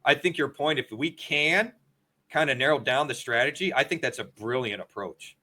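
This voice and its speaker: A man co-hosting a casual racing and betting chat over a video call, chatty and excitable, laughing often. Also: mid-range voice, moderate pace. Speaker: podcast co-host.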